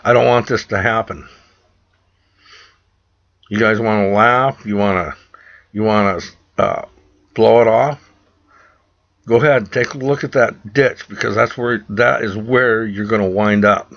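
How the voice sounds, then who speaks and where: A man's voice: lowish voice, steady tone, a little slow, creaky, fairly bright tone. A man from the United States speaking straight to camera in an urgent, preachy rant, often repeating himself. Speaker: vlogger. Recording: dull lo-fi recording.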